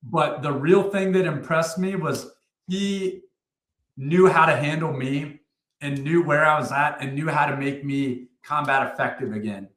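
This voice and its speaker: A middle-aged man with a fairly high voice tells his army stories as an interview guest. He talks bluntly and swears freely, circling back with fillers and restarts. His voice bounces around an echoey room. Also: measured pace, fairly bright tone. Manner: blunt and profane, rambling with many fillers and restarts. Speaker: guest, retired army first sergeant. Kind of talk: casual interview storytelling.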